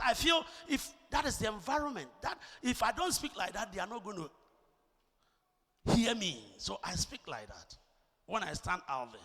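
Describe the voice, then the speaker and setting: Man, Ghanaian English accent, high bright voice, lively preaching, shouted emphasis, long church-hall echo. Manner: emphatic, rising to shouts on key points; repeats words when starting a thought. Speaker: pastor. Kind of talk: sermon.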